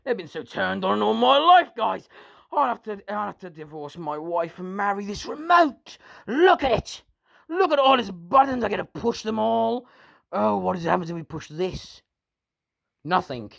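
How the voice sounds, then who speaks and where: A man's voice: high-pitched, animated, normal speed, gravelly, fairly bright tone. A British man delivering an angry, sarcastic, profanity-filled rant to his viewers. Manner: sweary, sarcastic, heated. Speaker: vlogger.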